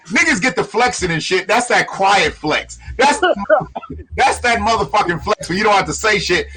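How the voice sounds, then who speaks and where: A man hosting a casual live stream, talking loudly and profanely and joking with viewers. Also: high voice, husky, rough recording. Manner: loud, profane, joking, greets viewers by name. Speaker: live show host. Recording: music playing in the background.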